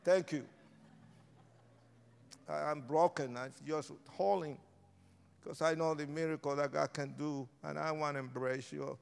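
A man preaching an impassioned sermon and altar call in a large church, swinging from shouts to hushed pleas. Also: a little high, fairly even intonation, moderate pace, creaky, clean tone. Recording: long reverb of a large hall.

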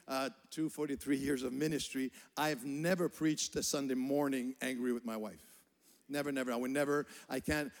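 Older male pastor, earnest sermon delivery with stumbling repeats, slightly raised pitch, long hall reverb. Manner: earnest, repeats words while building a point. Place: church hall.

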